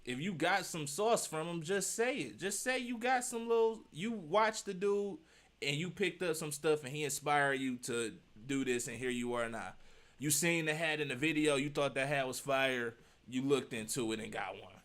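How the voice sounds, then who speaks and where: A man's voice: fairly high pitch, moderate pace, fairly bright tone. Emphatic man reacting to a video. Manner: emphatic, repetitive, slangy, rhetorical questions. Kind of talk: casual reaction commentary.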